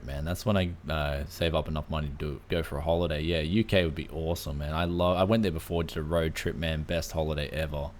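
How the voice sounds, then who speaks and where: Laid-back Aussie host, deep voice, easygoing tech chat full of "man". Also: fairly even intonation, quick pace, hardly any pauses. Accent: Australian. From Australia. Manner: laid-back, says "man" often, many fillers. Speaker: podcast host. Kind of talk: casual tech podcast chat.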